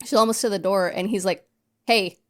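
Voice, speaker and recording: A woman co-hosts a podcast and casually recaps a horror film. She swears freely and slips into quick acted-out lines for the characters as she retells the plot. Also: medium pitch, fairly even intonation. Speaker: podcast co-host. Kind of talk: casual movie recap chat.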